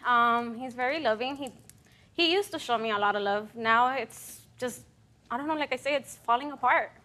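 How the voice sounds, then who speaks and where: Young woman, wife on the stand, hesitant, high-pitched. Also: moderate pace, pushed and bright. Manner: hesitant, with fillers. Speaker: wife in court case. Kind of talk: courtroom testimony.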